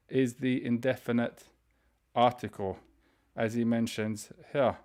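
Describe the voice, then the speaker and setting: A man's voice: medium pitch, little pitch movement, darkish tone. Man teaching a vocabulary lesson. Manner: explains step by step, reads words slowly for repetition; frequent fillers and restarts, conversational. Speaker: Arabic teacher. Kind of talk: online grammar and vocabulary lesson.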